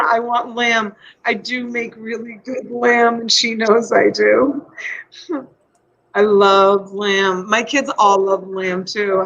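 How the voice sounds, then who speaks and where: A woman's voice: mid-range voice, creaky, a bit bright, slightly rough, highs cut off. Woman host, middle-aged, rambling and effusive, home live stream. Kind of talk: casual live-stream chat. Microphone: USB desk mic.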